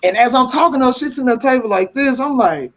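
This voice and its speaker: A man with a high voice tells a dating story in loose slang, stopping and restarting as he goes. The sound is dull and lo-fi. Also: animated, quick pace, fairly bright tone. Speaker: panel guest. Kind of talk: casual storytelling.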